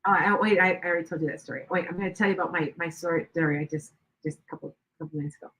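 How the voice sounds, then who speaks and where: A woman's voice: fairly low pitch, fairly even intonation, rapid-fire, fairly bright tone, rough recording. Older lady psychic chatting on her live stream, rambly, lots of restarts. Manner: rambling, chatty, with many restarts and asides to viewers. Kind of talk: casual live stream chat.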